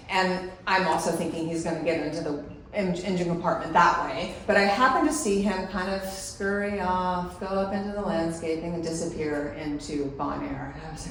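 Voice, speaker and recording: A middle-aged woman telling a story on stage, animated and breaking into laughter mid-sentence. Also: on the low side, a little hiss or hum. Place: large hall at a live event. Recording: echoey hall, picked up from a distance.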